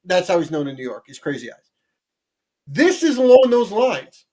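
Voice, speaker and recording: A man with a high-pitched voice co-hosts a casual sports talk show. He rambles animatedly, doubling back on his words and restarting sentences as he builds his point. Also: sing-song, normal speed, warm tone. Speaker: sports podcast co-host.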